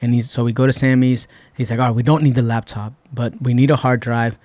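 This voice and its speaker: A man's voice: mid-range voice, quick pace, no room sound. A man from Puerto Rico, a guest on a podcast, telling a long story in a casual way and acting out what people said. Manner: relaxed, retells events with quoted dialogue. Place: podcast studio.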